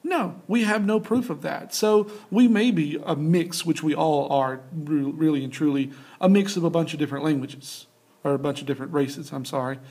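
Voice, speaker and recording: A man's voice: a little high, moderate pace, darkish tone, slightly rough. A young adult man giving a casual recorded geography lecture over slides, talking loosely with many fillers and restarts. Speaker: teacher.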